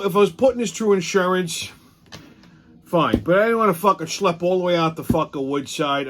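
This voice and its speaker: A man, hosting a show and telling a rambling, profane story about his aggravation. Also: fairly high pitch. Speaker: host. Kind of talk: casual storytelling rant.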